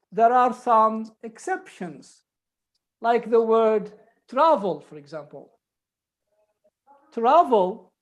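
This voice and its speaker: Female English teacher, fairly high, unhurried delivery; repeats each example word and breaks the rule into steps. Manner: patient, repeats and spells out examples step by step. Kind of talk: online group English lesson.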